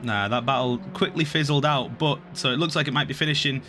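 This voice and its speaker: A man commentating a sim race, calling positions and getting excited at incidents. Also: medium pitch, over music. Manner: excitable, calls positions quickly.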